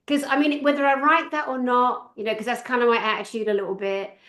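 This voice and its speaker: A woman in casual conversation, talking in an animated, exasperated way and acting out what others say. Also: on the high side, fairly quick, roomy sound.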